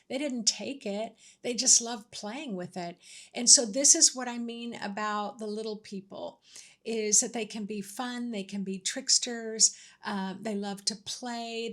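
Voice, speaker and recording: A woman's voice: mid-range voice, fairly bright tone. A woman hosting a spiritual talk, telling a personal story in a casual, chatty way with many fillers and restarts. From Washington State, US. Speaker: host sharing spiritual stories.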